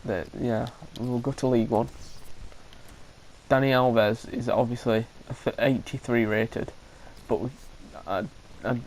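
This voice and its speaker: A man's voice: medium pitch, fairly even intonation, measured pace, slight background noise, low-quality recording. Hesitant man commentating a game. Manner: hesitant, thinking aloud with frequent restarts. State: coughing now and then. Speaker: gaming commentator. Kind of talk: casual gameplay commentary.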